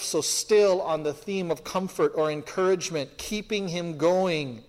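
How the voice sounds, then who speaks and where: A man with a somewhat high voice teaches scripture verse by verse. He talks in a conversational, questioning way, and his voice rings with a long hall reverb. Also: unhurried, hardly any pauses, darkish tone. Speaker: Bible teacher. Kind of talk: expository Bible teaching.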